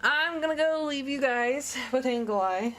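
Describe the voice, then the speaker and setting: This gaming stream co-host has a high-pitched, slightly bright voice and speaks a bit slowly. She chats casually during play, spinning stories and giggling frequently.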